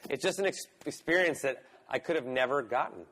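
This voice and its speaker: A man in his forties telling a long story in casual speech, animated and prone to swearing, with many fillers. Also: mid-range voice, fairly quick. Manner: animated, swears, lots of "like" and "right?". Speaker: guest, pro BMX rider.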